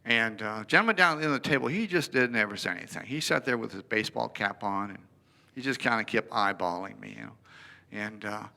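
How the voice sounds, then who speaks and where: Man, presenter, animated storytelling, gravelly voice, bright tone, lively pitch. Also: quick pace. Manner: animated storyteller, acts out dialogue.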